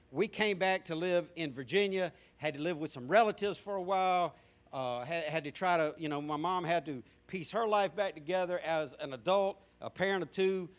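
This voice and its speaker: Folksy Southern preacher, bright and high. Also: male voice. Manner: folksy storytelling with repeated restarts. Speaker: pastor. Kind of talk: sermon testimony. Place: church sanctuary with congregation.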